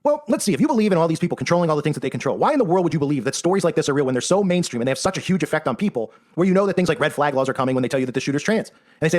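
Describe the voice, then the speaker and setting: Very fast-talking sarcastic man. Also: on the high side, sing-song. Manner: sarcastic, emphatic, keeps asking "right?". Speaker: online commentator. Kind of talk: rapid-fire monologue commentary.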